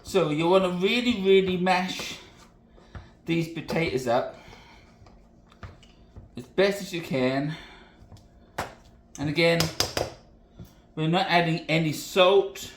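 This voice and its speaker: Home cooking host, male, from Britain: high-pitched, loose and self-correcting, recorded in a roomy kitchen. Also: slow, long pauses, slight background noise. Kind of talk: casual cooking demonstration.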